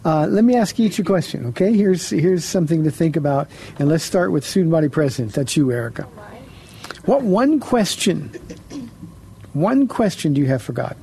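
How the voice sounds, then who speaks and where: A man's voice: fairly high pitch, expressive, normal speed, creaky, mellow, slight background noise. A man hosting a call-in Christian radio show as pastor, thanking callers and questioning young guests.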